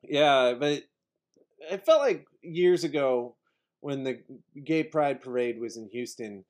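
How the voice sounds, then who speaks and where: A man's voice: mid-range voice, animated, takes it slowly, a little mellow. A man on a comedy podcast, telling rambling stories and laughing often. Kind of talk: casual comedy podcast chat.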